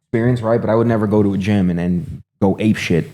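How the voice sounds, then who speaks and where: Fast-talking man with a dark, low voice. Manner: fast, rambling, heavy swearing, filler "you know". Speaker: guest, MMA fighter. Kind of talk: casual storytelling, profane.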